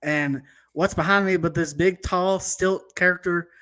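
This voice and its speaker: Woman, lower voice, very slow easygoing delivery, casual chat. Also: steady tone, fairly bright tone. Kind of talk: casual storytelling.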